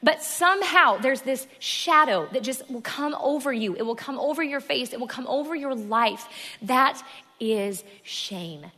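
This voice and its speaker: A woman preaches from the front of a church, emphatic and repeating her key phrases. Her voice sits a little high and rings bright and clear. A long reverb trails behind her in the large hall. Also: animated, a little slow. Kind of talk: sermon.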